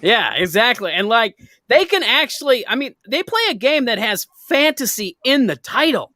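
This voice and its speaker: A man's voice: very high voice, big pitch swings, moderate pace, pushed and bright, dry recording. Self-mocking nerdy male stand-up comic. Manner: self-mocking, nerdy, laughs at his own jokes. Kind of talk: stand-up set over video call. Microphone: video call.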